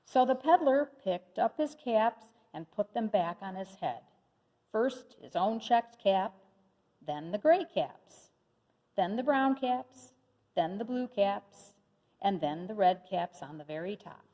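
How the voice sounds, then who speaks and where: A woman reading a children's picture book aloud with slow, expressive storytelling. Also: medium pitch, highs cut off. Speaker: storybook reader. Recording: long hall reverb.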